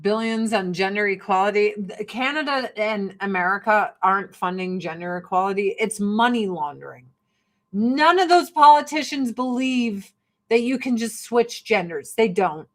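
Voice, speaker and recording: A woman's voice: mid-range voice, animated, moderate pace. A middle-aged woman chatting bluntly and profanely while doing her makeup on a livestream. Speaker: vlogger. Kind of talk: casual get-ready-with-me livestream chat.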